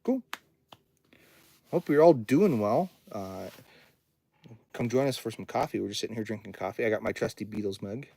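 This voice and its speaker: A man's voice: fairly low pitch, normal speed, creaky, pauses often, warm tone, slightly rough, no room sound. A man who runs a recording studio, chatting casually on a livestream, rambling and reading viewer comments aloud in his home studio.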